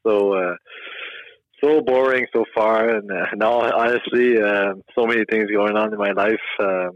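Québécois-accented man, french native, halting friendly guest, lowish voice, muffled lo-fi line. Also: steady tone, no room sound. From Quebec. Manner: halting, friendly, many fillers. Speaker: hockey player guest. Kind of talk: remote interview. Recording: dull lo-fi remote line.

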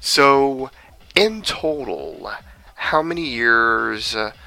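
A man hosting an interview, asking relaxed questions with short reactions. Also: medium pitch, extremely slow, gravelly. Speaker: host.

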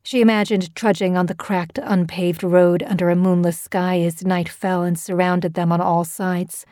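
Low, mellow woman narrating horror. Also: little pitch movement, normal speed, dry recording, studio quality.

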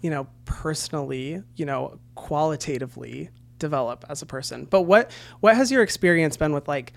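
A man's voice: fairly high pitch, brisk, vocal fry. Chatty young man hosting a podcast. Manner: earnest, chatty, frequent fillers. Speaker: podcast host. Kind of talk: casual interview chat.

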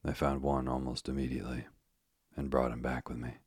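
Very deep, husky sleep-story narrator. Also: male voice, no room sound, studio quality. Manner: calm, even and unhurried.

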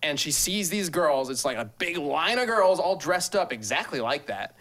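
A young man co-hosting a casual podcast chat, retelling a film scene with animated storytelling and frequent laughs. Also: fairly high pitch, normal speed. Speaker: podcast co-host.

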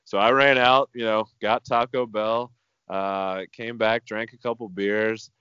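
A man's voice: on the low side, steady tone, unhurried, pushed and bright, smooth, no echo, lo-fi sound. A man co-hosting a podcast, telling a rambling story in casual chat, full of "like" fillers. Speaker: podcast co-host.

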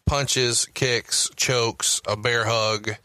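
Southern male podcast host, methodical questioner, crisp forward tone. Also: mid-range voice, steady tone, drawn-out words, pushed and bright, no room sound. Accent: Southern US, Alabama. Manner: methodical, reads out dates and questions. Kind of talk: interview with research recap.

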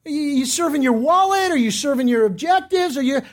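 A man's voice: very high-pitched, a little fast. A male pastor preaching a sermon, telling stories and acting out the voices of the people in them. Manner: animated, acts out voices in anecdotes, repeats words when starting. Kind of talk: sermon with storytelling. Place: church.

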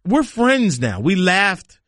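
Lively, animated man telling a story. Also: high-pitched, slow, dry recording, clean studio sound. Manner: animated storyteller, laughs often. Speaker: caddy and podcast co-host. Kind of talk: casual podcast chat. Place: studio. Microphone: studio mic.

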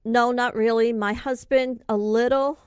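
A woman's voice: on the high side, fairly even intonation, a little slow, smooth, no echo. Dry, close woman telling her story. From California. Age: 40s. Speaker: guest. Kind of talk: storytelling interview.

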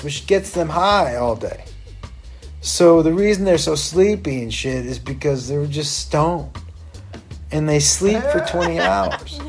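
A man's voice: a little high, darkish tone. A man in a stoned state, rambling through a profane, tangent-filled commentary.

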